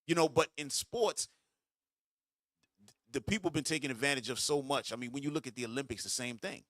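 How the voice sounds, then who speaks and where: A middle-aged man hosting a radio talk show, speaking in a casual, animated and emphatic way. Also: medium pitch, dry recording, clean studio sound. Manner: animated, emphatic, quick reactions.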